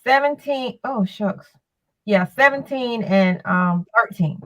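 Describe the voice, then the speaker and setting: A woman co-hosting a call-in show with a mid-pitched voice. She chats in a relaxed, easygoing way. The recording is close and dry. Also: slow, dry recording, muffled recording. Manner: easygoing, chatty. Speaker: co-host. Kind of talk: casual call-in show banter.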